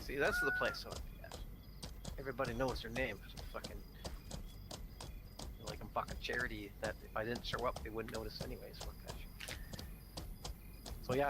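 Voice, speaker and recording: A man's voice: medium pitch, fairly even intonation, a little fast, long pauses, noisy background. A man hosting a gaming channel, ranting casually and bluntly with plenty of swearing. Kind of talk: casual rant while gaming.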